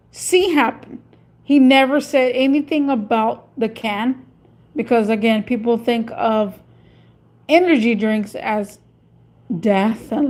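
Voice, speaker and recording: A woman's voice: fairly high pitch, a little mellow. A woman vlogging from her car in a casual, rambling monologue, often stopping to search for words. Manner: chatty, meandering, searches for words. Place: in or beside a parked car.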